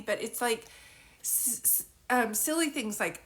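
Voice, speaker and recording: A woman's voice: mid-range voice, unhurried, sharp tone. A woman working as a psychic medium, giving a live spirit reading in a chatty, informal way and laughing often.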